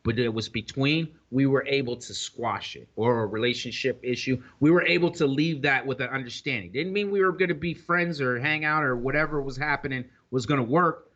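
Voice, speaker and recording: Bright-voiced streetwise man chatting. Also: medium pitch, fairly quick, few pauses, dull audio. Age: older than co-host. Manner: rambling, streetwise, frequent "you know what I'm saying". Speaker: podcast co-host. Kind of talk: casual podcast chat.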